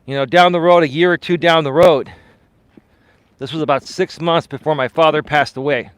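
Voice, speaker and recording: A life coach telling a personal story live while walking outdoors, candid and animated, growing loud and heated. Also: male voice, on the high side, normal speed, smooth, no room sound.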